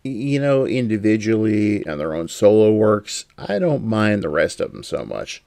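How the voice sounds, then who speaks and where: A man's voice: lowish voice, sing-song, normal speed, vocal fry, mellow, no echo, studio quality. A man hosting a casual podcast chat, telling anecdotes and laughing often. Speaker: podcast host.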